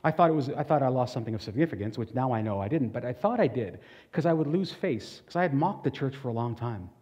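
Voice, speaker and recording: Man, pastor, sermon; warm, relaxed voice, earnest and chatty, long hall echo. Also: mid-range voice, quick pace, highs cut off. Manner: earnest, conversational preaching with frequent restarts.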